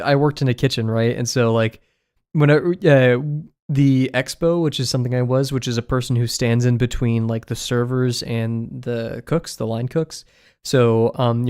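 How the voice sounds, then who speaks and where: A man's voice: medium pitch, a little mellow, clear, resonant tone. Chatty man rambling during a stream. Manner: rambling, laughs often, many fillers. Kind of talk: casual chat while drawing.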